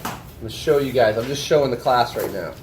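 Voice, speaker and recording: A man teaching a high school shop class, walking students through a drawing step by step, checking in often and joking with them. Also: fairly quick, noisy background. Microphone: camera held by a student.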